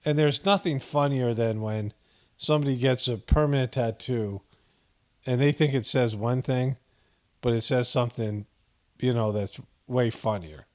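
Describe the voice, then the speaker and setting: A man's voice: medium pitch, unhurried, a little mellow. A man hosting a casual video commentary, rambling with frequent chuckles and fillers. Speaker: commentary channel host.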